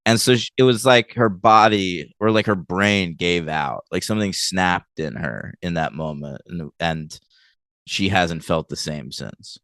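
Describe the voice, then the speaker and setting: A man's voice: low-pitched, unhurried, fairly bright tone, no echo, studio quality. A man co-hosting a podcast, chatting casually and animatedly as he recaps a TV episode, teasing his co-host and laughing often.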